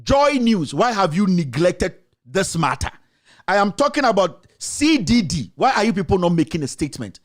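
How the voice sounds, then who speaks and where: Ghanaian guy ranting on his show, accusing everyone, fast rhetorical questions, voice jumping all over. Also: sits high, big pitch swings. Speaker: journalist and show host. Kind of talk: heated political commentary.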